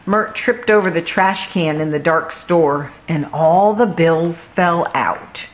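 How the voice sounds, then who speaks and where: Woman, children's story reader, slow, expressive, lowish voice. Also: low-quality recording. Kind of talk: storybook read-aloud.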